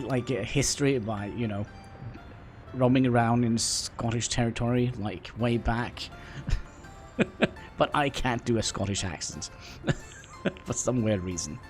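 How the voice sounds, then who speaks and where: A man from Norway with a Norwegian accent, chatting with viewers while playing a game, halting and self-deprecating. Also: mid-range voice. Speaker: livestreamer. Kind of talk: casual gameplay livestream commentary. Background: faint background music.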